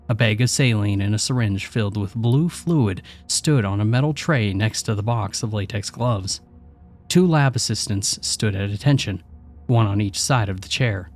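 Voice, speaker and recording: A man with a lowish voice narrates a scripted horror story in a steady, measured way, with faint music in the background.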